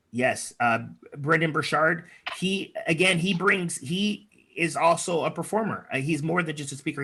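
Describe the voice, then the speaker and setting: A man's voice: a little high, sharp tone, a little hiss or hum. Encouraging man coaching on a video call. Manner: chatty and encouraging, with frequent fillers. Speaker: speaking coach leading an online workshop. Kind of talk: workshop talk with improv exercises.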